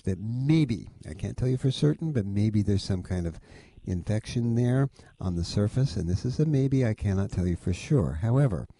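A man's voice: on the low side, mellow, breathy edge, no echo. A man over forty hosting a call-in health show, giving folksy, rambling advice with careful hedges. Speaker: radio health show host.

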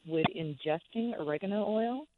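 A woman's voice: medium pitch, lively intonation, moderate pace. A woman calling into a show, earnestly describing a friend's symptoms in detail with restarts. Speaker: caller. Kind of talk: phone-in question. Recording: dull phone line with faint hiss.

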